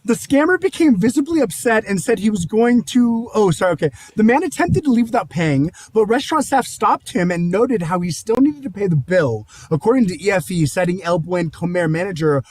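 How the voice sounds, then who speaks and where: A man with a high voice co-hosts a crude comedy podcast, laughing as he reads news items aloud. The sound is dry and close. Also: lively intonation, a little fast, few pauses, darkish tone, dry recording. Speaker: podcast co-host.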